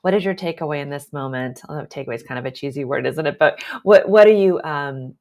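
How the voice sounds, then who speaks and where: A woman career and leadership coach giving a calm, deliberate talk with slides, now and then adding a light aside. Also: low voice. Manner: calm, deliberate, with warm asides and quick laughs. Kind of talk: presentation with slides.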